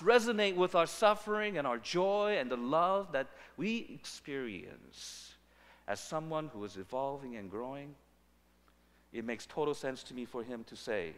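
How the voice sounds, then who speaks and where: Animated male preacher in a reverberant church. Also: medium pitch. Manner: animated preaching, acting out quoted lines with rising intensity. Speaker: pastor. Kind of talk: sermon. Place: church sanctuary. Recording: long reverb of a church sanctuary.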